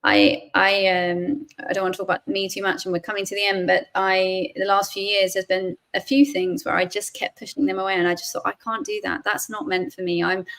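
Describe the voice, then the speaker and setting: A woman's voice: mid-range voice, little pitch movement, a little fast, few pauses, a bit bright. A woman hosting a live interview, talking eagerly and often checking in with "right?". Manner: eager, agreeing, many "right?" and "you know". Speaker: host.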